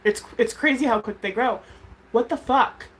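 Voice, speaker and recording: A woman's voice: fairly high pitch, normal speed, slight background noise, low-quality recording. A woman chatting casually on a livestream as its host, rambling candidly about her kids and swearing freely.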